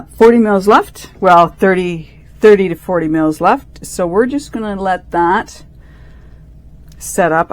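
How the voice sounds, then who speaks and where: A woman vlogging as she makes a resin craft, chatting casually, rambling and correcting herself as she thinks aloud. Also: lowish voice. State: out of breath.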